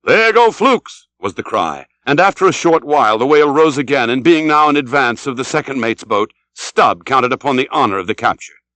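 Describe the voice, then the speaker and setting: Lively dramatic male audiobook narrator. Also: mid-range voice, a little fast, hardly any pauses, no echo. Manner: dramatic, shouts out the sailors' cries. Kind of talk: scripted narration.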